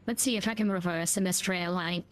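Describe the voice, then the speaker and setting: A woman's voice: lowish voice, fairly even intonation, a little fast, a little hiss or hum. A woman streaming a driving game, chatting in a cheeky, jokey, rambling way. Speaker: gaming streamer. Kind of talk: casual gameplay chat.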